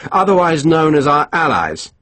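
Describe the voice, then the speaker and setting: A man doing a terse, even-voiced lieutenant. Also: a little high, moderate pace, voice pushed up. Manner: even, terse, quietly insolent. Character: terse, unflappable male army lieutenant.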